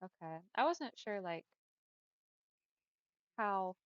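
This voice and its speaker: A woman's voice: medium pitch, sing-song, takes it slowly, fairly bright tone, clean tone, no echo, highs cut off. A young woman with a Texan accent chatting casually with her viewers while she streams a game, saying "y'all" and "like" a lot. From Texas. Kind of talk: casual chat while gaming.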